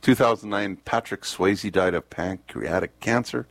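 A man's voice: low-pitched, measured pace, creaky, no room sound. A man hosting a radio show, chatting casually through the day's trivia and often losing his place with ums and uhs. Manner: rambling, loses his place, fills gaps with um and uh. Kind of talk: casual on-air chat reading date trivia.

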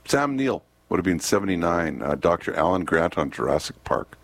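A man's voice: low voice, sing-song, normal speed, creaky. A man hosting a radio show, chatting casually through the day's trivia and often losing his place with ums and uhs. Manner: rambling, loses his place, fills gaps with um and uh. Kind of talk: casual on-air chat reading date trivia.

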